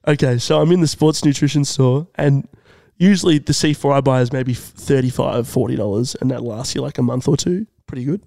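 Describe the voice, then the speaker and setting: A young man telling a comedic story on a podcast in an animated, drawn-out way. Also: mid-range voice, vocal fry, no echo. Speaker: podcast co-host.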